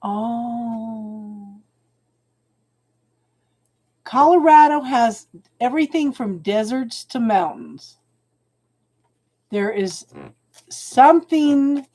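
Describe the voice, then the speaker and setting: A woman giving live tarot readings and chatting with viewers, calling them hon and getting emotional over the cards. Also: a little high. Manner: chatty, warm-hearted, calls viewers hon. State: tearful, emotional. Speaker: tarot reader.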